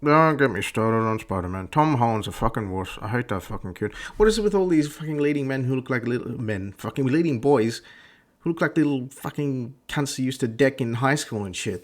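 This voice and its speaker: A foul-mouthed man in a mid-pitched voice, scornful and blunt as he rants. He swears through nearly every line and never softens his scorn. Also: expressive, brisk. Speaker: podcast host. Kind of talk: profane ranting commentary.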